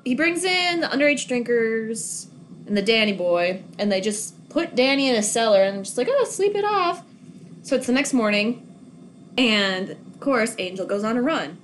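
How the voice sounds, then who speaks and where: A woman's voice: on the high side, lively intonation, normal speed, slight background noise. A young woman from Minnesota, co-hosting a podcast and recapping a film in casual, giggly chat with plenty of swearing. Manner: giggly, swears casually, bursts into loud laughs. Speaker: podcast co-host.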